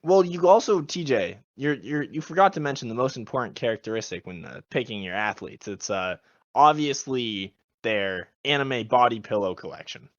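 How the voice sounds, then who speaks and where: A man's voice: medium pitch, expressive, normal speed, dry recording. A man co-hosting a casual comedy podcast, telling goofy, absurd tall tales in a joking manner. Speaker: podcast co-host. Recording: dull lo-fi sound, dry.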